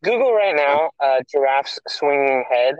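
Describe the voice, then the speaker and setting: A man's voice: fairly high pitch, expressive, unhurried, clear, resonant tone, no room sound, highs cut off. A young man co-hosting a podcast in casual chat, firing back teasing, matter-of-fact comebacks. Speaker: podcast co-host.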